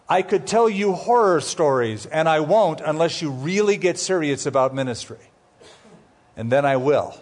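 A man teaching a Bible sermon as pastor, conversational with jokey asides, slowing down to spell out names. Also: a little high, lively intonation.

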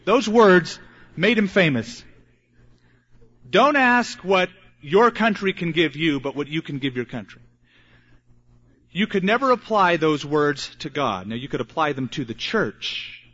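An older man in his sixties preaching a sermon as pastor, earnest and emphatic with dramatic pauses. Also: a little high, animated, a bit bright, breathy edge. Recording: muffled lo-fi recording.

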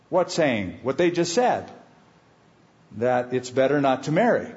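A man's voice: on the high side, animated, darkish tone. Lo-fi recorded male pastor preaching. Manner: expository preaching, reads scripture slowly and emphatically; conversational asides to the congregation. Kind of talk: sermon.

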